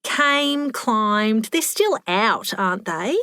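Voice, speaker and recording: A woman's voice: high-pitched, sing-song, unhurried, no room sound, clean studio sound, pitched above the performer's own voice. A woman voicing a nosy, scatterbrained elderly lady who talks in an eager, muddled way.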